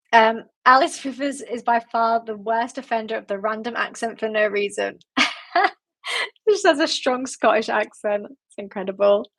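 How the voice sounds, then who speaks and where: A woman's voice: medium pitch, a bit bright. A woman hosting a book club livestream, chatting casually and reading viewer comments, rambling and giggling with lots of fillers.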